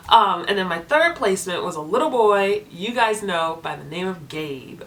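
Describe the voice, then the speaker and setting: A young woman talking casually to her viewers as a foster parent vlogger, chatty and animated, acting out the people in her stories. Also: on the low side, brisk, hardly any pauses, slight background noise. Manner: chatty, animated storytelling with voiced quotes. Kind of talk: casual vlog chat to viewers.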